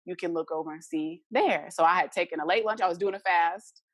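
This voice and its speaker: A woman's voice: fairly low pitch, fairly quick, no echo. A young adult woman, a podcast guest, earnestly telling a personal story and acting out the remembered dialogue.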